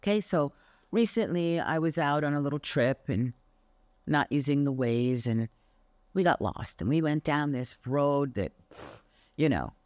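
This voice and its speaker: A woman's voice: deep voice, unhurried, no echo. An older woman who teaches Pilates, giving an emphatic motivational monologue and acting out her anecdotes. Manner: emphatic and expressive, acts out anecdotes. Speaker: Pilates instructor.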